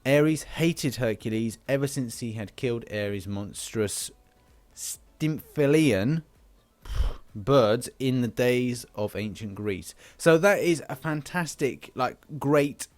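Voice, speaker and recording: A man's voice: medium pitch, expressive, slow pace, darkish tone. A British man hosting a game channel, giving casual, rambling commentary with many restarts. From Britain. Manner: rambling, lots of fillers and restarts.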